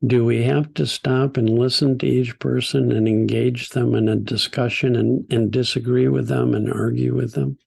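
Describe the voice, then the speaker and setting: Gravelly older man telling stories. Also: mid-range voice, level tone. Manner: gentle, unhurried storytelling with soft laughs. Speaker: teacher. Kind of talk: storytelling talk.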